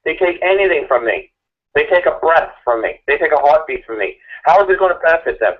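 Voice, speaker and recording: A man's voice: a little high, expressive, fast. Man, phone-line sound, argumentative, repetitive, mocking rant. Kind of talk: impassioned ranting chat.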